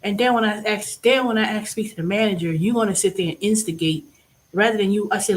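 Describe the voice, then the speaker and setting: A woman hosting her own vlog, giving a blunt, profane monologue that swings between loud bursts and low asides. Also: fast. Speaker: vlog host. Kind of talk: casual ranting monologue.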